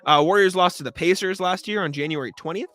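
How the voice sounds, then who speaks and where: A man's voice: high voice, fast talker, sharp tone, faint music behind. A young man co-hosting a live sports talk show, ranting in a sarcastic, exasperated way and swearing. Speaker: podcast co-host.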